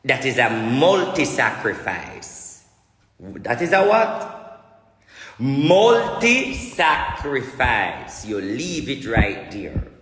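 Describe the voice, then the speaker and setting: A man's voice: mid-range voice, sing-song, slow pace, a bit bright. Jamaican man preaching at his viewers, declamatory and repetitive, in a reverberant room. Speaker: self-styled spiritual prophet. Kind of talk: ranting monologue to viewers. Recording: echoey room with long reverb.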